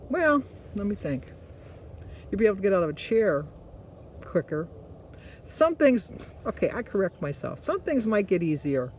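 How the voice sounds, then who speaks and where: A woman's voice: on the low side, dark tone, a little hiss or hum. A woman hosting a vlog, chatting casually and motivationally, rambling through stories and correcting herself. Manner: rambling storytelling with self-corrections. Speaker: vlog host.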